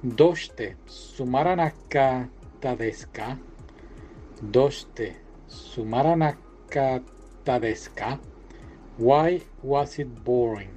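A man's voice: medium pitch, normal speed, long pauses, warm tone, soft background music, rough recording. A man working through a language app lesson, chatty and often repeating and correcting himself. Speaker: language tutor. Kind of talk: casual lesson walkthrough.

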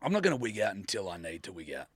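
A young Australian man with a lowish voice, rattling through a story at speed. He talks in a laid-back way, swears freely and acts out what people said. The sound is close and dry. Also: huge pitch swings, rapid-fire, breathy edge, no echo. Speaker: podcast guest. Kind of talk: casual chat, storytelling.

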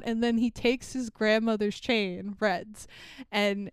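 A woman's voice: fairly high pitch, a little slow, clean tone, dry recording, studio quality. A young woman co-hosting a podcast, recapping a movie in casual chat, laughing, swearing and acting out lines. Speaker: podcast co-host.

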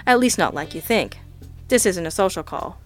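A woman's voice: on the low side, big pitch swings, moderate pace, soft background music. A woman voicing a weary, dry-witted male private detective in an audiobook reading, staying close to her own voice. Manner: dry, terse, sighing.

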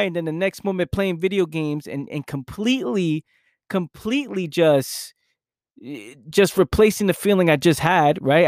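A man's voice: a little high, dry recording, clean studio sound. A young man speaking in an intense motivational monologue, acting out his own past inner voice.

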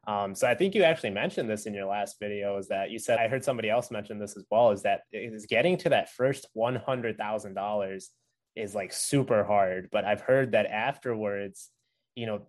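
A man who runs an investing channel, talking in a loose, rambling way with many filler words during a casual chat with another creator. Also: on the low side. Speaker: investing YouTuber. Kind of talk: casual conversation between creators.

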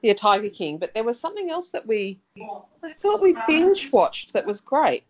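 A woman's voice: fairly high pitch, sing-song, moderate pace, a crowd in the background. A middle-aged woman, co-hosting a casual chat and rambling with many fillers. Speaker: podcast co-host. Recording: dull lo-fi sound.

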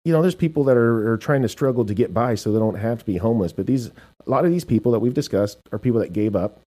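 A man co-hosting a casual talk show, telling lively anecdotes and acting out what people said. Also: mid-range voice, fast. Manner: animated storyteller, acts out quotes. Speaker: co-host. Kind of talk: casual chat.

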